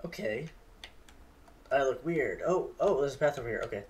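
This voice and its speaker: A man giving casual, excitable commentary as he plays a game for the first time, swearing when startled. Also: medium pitch, normal speed, far from the mic, slight background noise. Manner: chatty, excitable, swears at surprises. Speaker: gamer. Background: game music.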